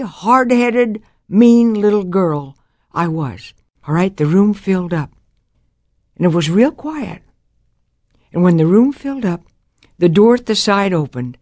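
An older woman recounts her childhood in a lively storytelling testimony. Her voice sits at a middle pitch and swoops upward when she acts out what others said. The sound is dry and close. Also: no echo. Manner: animated, acts out quotes with big pitch jumps. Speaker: speaker giving a personal testimony.

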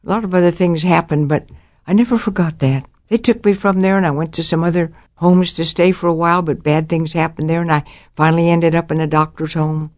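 A woman's voice: lowish voice, steady tone, brisk, a little mellow, no room sound, clean studio sound. An older woman giving a Christian testimony about her life, telling it dramatically and acting out the voices of the people in her story.

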